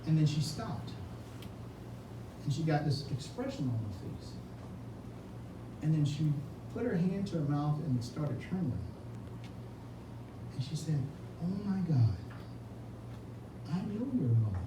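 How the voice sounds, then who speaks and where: A man's voice: fairly high pitch, lively intonation, a little slow, long pauses. A man giving an earnest, emotional campaign speech at an indoor reception, tearful and repeating words when moved. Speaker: political candidate. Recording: echoey room, distant mic, ambient noise.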